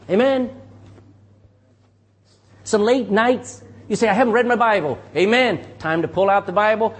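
Lively high-voiced preaching man. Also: husky. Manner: lively preaching with call-and-response. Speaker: pastor. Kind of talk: sermon.

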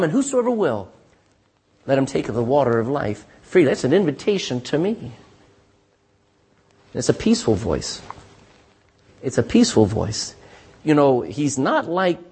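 A male pastor with a high, husky voice preaches with dramatic swings from loud to hushed. He reads old-fashioned scripture aloud, and his pitch rises and falls widely as he calls for amens from the congregation. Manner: asks the congregation for "Amen?" responses; reads scripture in King James wording. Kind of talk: sermon.

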